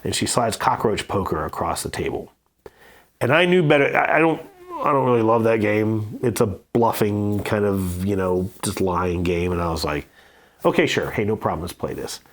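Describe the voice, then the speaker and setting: A man hosting a board game podcast, telling stories and giving opinions in a casual, animated way. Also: lowish voice, normal speed. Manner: animated anecdotal storytelling. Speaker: podcast host reviewing board games. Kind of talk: casual chat.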